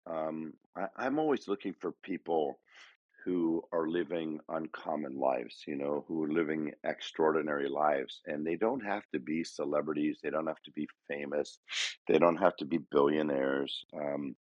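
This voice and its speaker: A man's voice: extremely low pitch, normal speed, no room sound, highs cut off. A man co-hosting a podcast, talking earnestly and reflectively, putting rhetorical questions to his listeners. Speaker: podcast co-host. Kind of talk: casual conversation.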